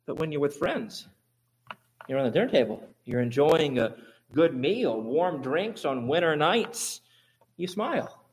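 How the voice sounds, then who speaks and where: Animated high-voiced male preacher. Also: measured pace, a little hiss or hum. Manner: animated, rhetorical questions, swings between quiet and emphatic. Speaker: pastor. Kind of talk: sermon.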